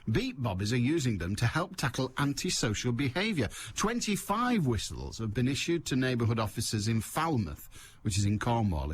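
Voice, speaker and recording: A man's voice: medium pitch, slightly rough. A middle-aged man hosting a radio phone-in, chatting wryly and teasing his listeners and callers. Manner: wry, teasing, laughs at his own jokes. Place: radio studio.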